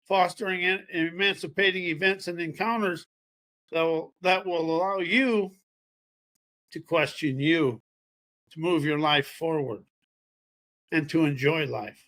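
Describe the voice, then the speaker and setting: A man's voice: high-pitched, a bit bright. A man giving a rambling, folksy motivational talk about personal growth, sometimes acting out what others say. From American Midwest farming region. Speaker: self-help speaker.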